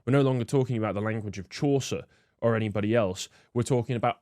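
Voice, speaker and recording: A man's voice: lowish voice, fast, a little mellow, no room sound, clean studio sound. Disdainful man ranting. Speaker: host. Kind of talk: political commentary.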